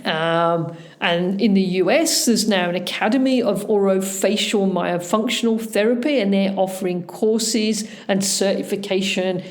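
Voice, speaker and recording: This is a middle-aged woman, a dentist, talking through her podcast in an unhurried, explanatory way. Her pitch sits in the middle, and her S sounds come out a touch slushy. She lays out each point methodically, one after another. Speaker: holistic dentist, podcast host. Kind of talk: informative podcast monologue.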